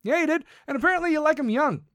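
A man's voice: very high voice, animated, rapid-fire, a bit bright, no room sound, clean studio sound. Profane, ranting male podcast host. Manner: profane, combative, sarcastic; mocks others in put-on voices. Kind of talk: ranting monologue.

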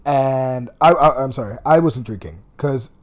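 A young man casually telling a long, rambling, profane story about a rough night. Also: mid-range voice, moderate pace. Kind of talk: casual chat.

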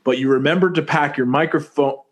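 A man's voice: fairly high pitch, fairly even intonation, fairly quick, muffled recording. A man co-hosting a casual movie-review chat, rambling and jokey, often correcting himself mid-sentence. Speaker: podcast co-host.

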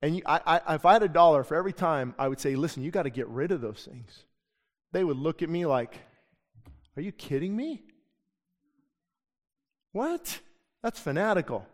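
A middle-aged man preaches in an impassioned sermon style, his voice sitting a little high for a man. He acts out the people he quotes as he goes. The sound carries a long reverb like a big church sanctuary. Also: fast. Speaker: pastor.

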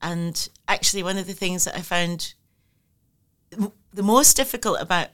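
Woman, middle-aged, guest writer; candid and laughing, low-ish pitch, bright tone. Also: moderate pace. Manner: thoughtful, candid, laughs often, many fillers and restarts. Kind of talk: reflective conversational interview.

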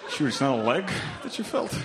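A young man from Lithuania with a Lithuanian accent performing a stand-up comedy set on a club stage, deadpan and laughing at his own punchlines. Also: fairly high pitch, brisk, over a noisy crowd, very noisy.

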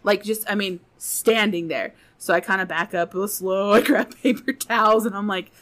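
A woman's voice: mid-range voice, moderate pace, fairly bright tone. A woman guest on a podcast telling a funny personal story in casual, profane chat, laughing often.

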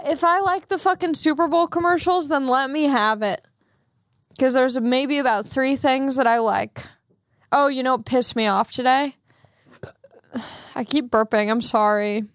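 A woman's voice: high voice, lively intonation, a little slow, dry recording, studio quality. A young woman hosting a podcast, telling stories in a casual, chatty way and swearing freely. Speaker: podcast host. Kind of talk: casual chat.

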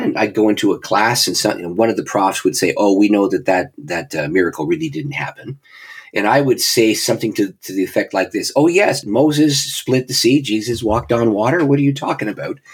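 Animated male pastor telling a story. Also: medium pitch, husky. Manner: animated storyteller, acts out dialogue, laughs at his own story. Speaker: pastor and guest speaker. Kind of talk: personal storytelling.

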